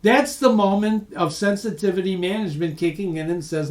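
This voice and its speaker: A man presenting a webinar as a lively, emphatic storyteller who speaks straight to his audience. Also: high-pitched, fairly quick, reverberant. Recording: voice distant from the mic.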